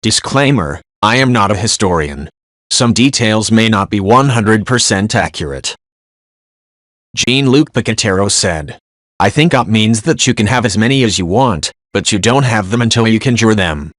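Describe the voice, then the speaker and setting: A man narrating online forum posts in a brisk, matter-of-fact reading style. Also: lowish voice, animated, a bit bright, no room sound, clean studio sound.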